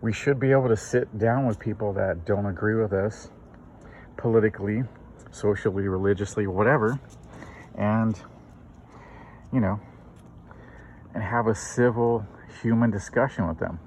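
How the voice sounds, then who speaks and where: A man's voice: on the low side, normal speed, long pauses, a little mellow. A middle-aged man hosting his own channel, giving a political opinion monologue with many fillers and restarts. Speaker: channel host. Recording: dull lo-fi recording with faint noise.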